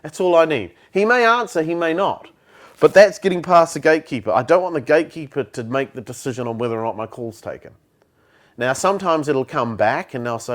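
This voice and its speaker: A man's voice: fairly high pitch, big pitch swings, a little fast. A man, a sales trainer talking bluntly in an interview and acting out phone calls. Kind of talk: conversational interview.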